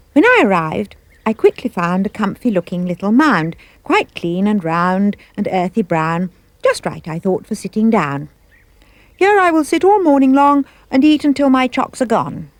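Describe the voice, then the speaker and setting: A woman giving a playful, expressive reading of comic rhyming verse. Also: dry recording. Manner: animated, playful storytelling with big pitch leaps. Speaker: storyteller.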